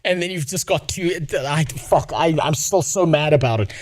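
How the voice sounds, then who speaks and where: A man's voice: a little high, normal speed, dry recording. Profane South African man ranting. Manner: profane, exasperated storytelling. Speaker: streamer. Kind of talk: casual ranting to stream chat.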